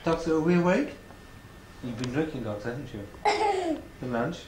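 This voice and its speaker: Lying in bed at home as a patient, a woman with an extremely low, expressive voice teases and giggles in playful banter, drawing her words out slowly. The bedroom recording is echoey, with loud background noise.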